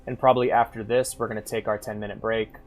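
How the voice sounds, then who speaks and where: A man streaming a game and chatting casually, loud and animated, swearing and laughing as he plays. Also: on the low side, fast talker. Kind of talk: casual gaming stream chat.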